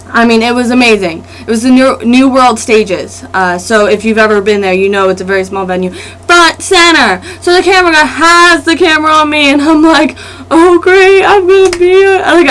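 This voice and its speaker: A young woman vlogging to camera in a casual, rambling and excited way, with restarts and laughs. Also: a little high, poor audio.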